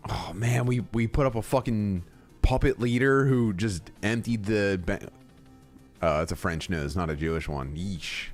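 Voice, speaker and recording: A man's voice: lowish voice, moderate pace, soft background music. A young man chatting casually on a livestream, rambling and swearing, reading chat and laughing often. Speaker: streamer.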